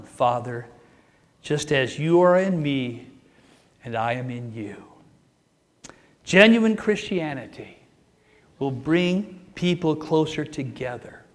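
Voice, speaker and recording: A man preaching a sermon with emphatic delivery, building up and dropping his voice for emphasis. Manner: emphatic, rising and falling for emphasis, acts out a joke with raised pitch.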